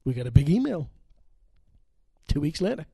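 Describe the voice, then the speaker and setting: An older man preaching, his voice sitting a little high for a man and recorded close and dry. He tells stories with animation, climbing to loud, emphatic peaks. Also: big pitch swings, normal speed, creaky, husky, no room sound. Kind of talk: sermon with storytelling.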